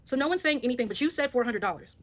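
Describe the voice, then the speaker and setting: Fast-talking woman making her case. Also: sits high, animated, fairly bright tone. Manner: emphatic and defensive, walking through evidence point by point. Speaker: content creator telling her side of a story. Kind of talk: storytime vlog reading out screenshots.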